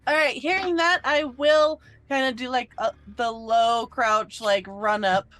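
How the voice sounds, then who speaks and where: Slow, hesitant woman playing a tabletop game. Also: fairly high pitch, steady tone, a bit bright. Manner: hesitant, with many fillers while describing her actions. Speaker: player. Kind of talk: casual tabletop game play.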